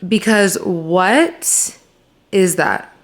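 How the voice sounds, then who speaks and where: A woman's voice: medium pitch, very slow. A woman in her twenties chatting casually to her viewers in a home vlog, filming on a handheld camera, with lots of "like" and "you guys". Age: 20s. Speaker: vlogger.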